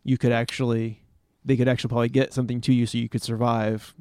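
Halting, laughing man on a dry mic. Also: medium pitch, level tone, a little mellow, no echo. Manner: halting, many restarts, laughs often. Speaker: podcast co-host. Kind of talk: casual chat.

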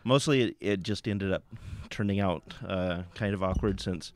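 A man's voice: low voice, moderate pace, darkish tone. A man talking as a guest on a casual chat, telling stories in a hesitant, wry way.

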